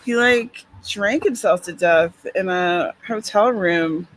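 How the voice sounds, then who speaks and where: A woman's voice: medium pitch, slow, slight background noise, low-quality recording. Laughing woman reading comments aloud. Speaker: host. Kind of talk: casual chat.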